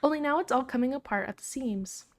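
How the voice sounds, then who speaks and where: A woman's voice: high-pitched, fast. A woman reading a brave young princess's game dialogue aloud in her own plain voice, without putting on an accent. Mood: earnest.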